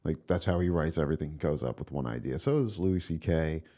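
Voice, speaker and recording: A man's voice: extremely low pitch, lively intonation, brisk, warm tone. A young man from Long Island, a stand-up comedian chatting as a podcast guest in a rambling, laid-back way, full of filler words and swearing. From Long Island, New York. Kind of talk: casual podcast chat.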